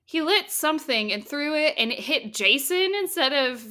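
A woman casually retelling a film's plot as a podcast co-host, lively and swearing freely. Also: high voice, normal speed. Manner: animated storytelling, swears freely. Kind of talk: casual chat recapping a film.

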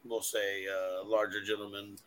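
A man's voice: on the low side, flat delivery, moderate pace, fairly bright tone, slight background noise, low-quality recording. A man on a podcast as a guest, telling a profane, rambling story in casual chat.

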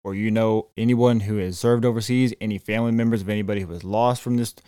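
A man's voice: on the low side, fairly even intonation, quick pace, warm tone, smooth, no echo, clean studio sound. A man co-hosting a casual podcast, blunt and sarcastic, with frequent swearing. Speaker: podcast co-host.

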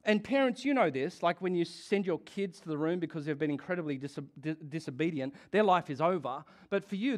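High-voiced man preaching a chatty sermon. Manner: conversational, asks the congregation questions, laughs often. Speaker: pastor.

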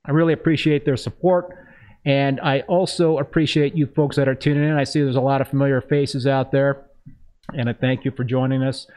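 A man's voice: mid-range voice, level tone, brisk, dark tone. A man hosting a live-streamed hobby interview show, upbeat, reading a scripted introduction and then chatting loosely with his guest. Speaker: host of a live-streamed reef-keeping show.

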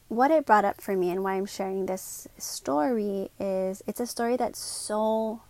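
A woman hosting a solo podcast, talking in an earnest, confiding way, with quick asides and slowed words for emphasis. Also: mid-range voice, darkish tone, dry recording. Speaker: podcast host. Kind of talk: reflective solo podcast monologue.

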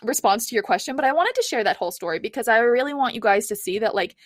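A woman's voice: a little high, animated, fast, no echo, studio quality. A young adult woman, a coach and podcast guest, telling her own story in a candid, chatty way with frequent "like" fillers. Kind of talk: casual personal storytelling.

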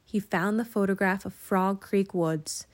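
A woman narrating a children's storybook in an expressive, lilting way. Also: mid-range voice, unhurried. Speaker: audiobook narrator.

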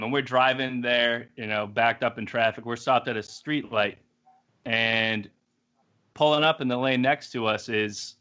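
A young man co-hosts a podcast in casual chat, easygoing and sprinkling in plenty of likes and ums. His voice is mid-range and slightly bright. The podcast audio is dull and lo-fi.

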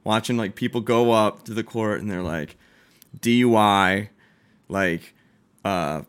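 Young adult male co-host, animated storyteller who acts out every quote, casual and profane. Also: fairly low pitch, a little slow, clear, resonant tone. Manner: animated, acts out quoted dialogue, swears freely, laughs often. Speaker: podcast co-host.

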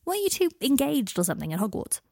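A woman doing a blunt, excitable young man. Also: high-pitched, fast, creaky, no echo, clean studio sound, voice pushed up, exaggerated voice. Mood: incredulous.

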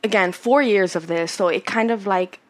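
A woman's voice: medium pitch, moderate pace. Woman ranting through a story in a podcast chat, swears constantly, gets all worked up. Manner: animated, swears a lot, gets heated. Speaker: podcast guest telling her story.

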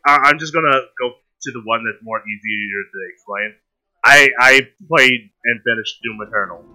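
A man's voice: mid-range voice, bright, forceful tone. A man chatting casually on a podcast, stumbling over his words with many fillers.

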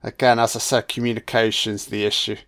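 Excitable, foul-mouthed man doing commentary. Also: fairly low pitch, brisk. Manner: excitable and heavily profane, with laughter; slangy, calls listeners man, son and baby. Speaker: film commentator. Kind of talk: casual film commentary.

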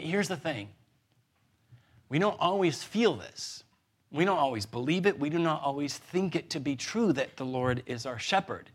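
A man in his thirties preaching a sermon as pastor, earnest and gentle, building emphasis through repetition. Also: mid-range voice, slightly rough.

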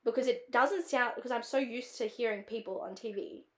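A woman's voice: fairly high pitch, fairly quick, roomy sound. An Australian woman hosting a casual film-review podcast, rambling with lots of "like" and wandering off on tangents. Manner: rambling, heavy use of "like", drifts into tangents. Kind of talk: casual chat.

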